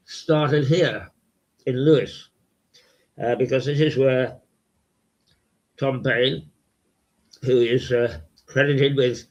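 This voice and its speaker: An older man from hosting a local webcast, talking in a slow, rambling, croaky voice full of fillers. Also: mid-range voice. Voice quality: croaky, gravelly voice. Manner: slow, halting, many fillers and repeats. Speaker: local TV host. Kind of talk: rambling casual monologue. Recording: dull lo-fi webcast audio.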